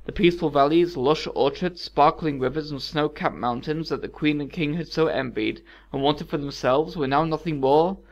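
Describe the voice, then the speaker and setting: A man reading a dark fairy tale aloud in a measured, expressive way as a storyteller. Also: on the high side, lo-fi sound. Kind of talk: scripted fairy-tale narration.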